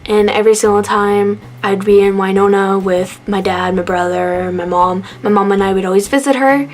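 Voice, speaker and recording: A woman's voice: mid-range voice, fairly even intonation, moderate pace, a little mellow. A young woman talking to camera in a tribute vlog, emotional and near tears, rambling and laughing through her sadness. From Canada.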